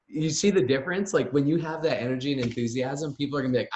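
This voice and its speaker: Energetic man coaching with room echo. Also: mid-range voice, quick pace, few pauses, lo-fi sound. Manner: energetic, acts out sample messages. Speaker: business coach. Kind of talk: coaching call. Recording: roomy echo.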